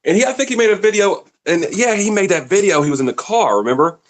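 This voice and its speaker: A man's voice: high voice, animated, fast talker. Laid-back man swearing in casual chat. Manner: laid-back, swears freely, laughs often. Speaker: podcast co-host.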